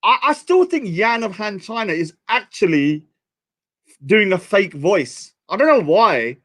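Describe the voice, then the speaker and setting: A man's voice: sits high, sing-song, a little slow, fairly bright tone. A young man with a British accent, rambling and self-mocking as a livestream host in casual chat. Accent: British English.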